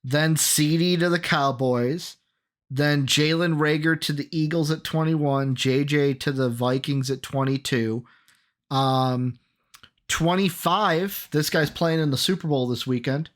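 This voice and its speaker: A man co-hosting a sports podcast in casual chat, energetic, rattling off names and quizzing his co-host. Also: on the high side, a little slow.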